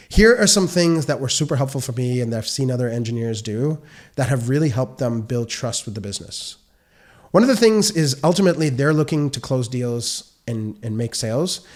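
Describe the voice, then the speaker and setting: A man, a software consultant, giving an earnest, explanatory advice monologue on a podcast and asking one question after another. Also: mid-range voice.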